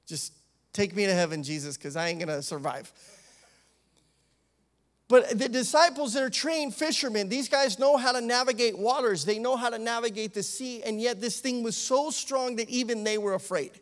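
A man, an associate pastor, preaching a sermon in a conversational, animated way, with frequent asides and calls of amen. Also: extremely high pitch, normal speed. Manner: animated, acts out the disciples' pleading.

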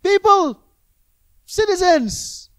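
Male preacher doing a desperate father screaming frantic pleas, pitched way up. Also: steady tone, fast. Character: desperate shouting father pleading with a mob.

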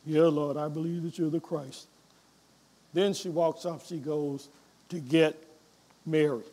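Slow high-voiced preaching pastor. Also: male voice, steady tone. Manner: reads scripture then preaches, swinging from soft to loud. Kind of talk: sermon.

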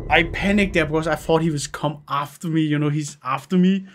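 A man's voice: on the high side, fairly quick, hardly any pauses, fairly bright tone, a little hiss or hum. A man with a Scandinavian accent, a gaming host muttering, groaning and swearing through a horror let's play. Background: game music.

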